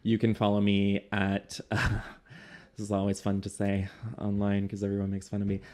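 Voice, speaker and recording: A man's voice: fairly low pitch, monotone, normal speed, darkish tone. Chatty Canadian man who laughs a lot. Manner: chatty, laughs often, rambling. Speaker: game master and show host. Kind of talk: casual chat.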